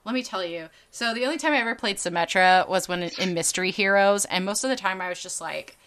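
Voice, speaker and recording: A young woman casually telling a story on a podcast, animated and quick to act out other people's voices. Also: mid-range voice. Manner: animated, acts out quoted people, laughs often, swears casually. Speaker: podcast co-host.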